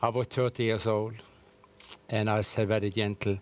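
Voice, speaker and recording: A middle-aged evangelist, a guest in a TV studio interview, earnestly tells his life story in a lowish voice. His English is slightly non-native, his delivery flat and his pace moderate, with slight background noise.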